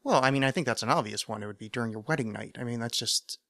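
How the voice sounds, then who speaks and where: A man's voice: medium pitch, fast, a bit bright, no room sound, studio quality. A man hosting a solo podcast, chatting casually in a rambling, self-mocking way with lots of fillers. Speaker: podcast host.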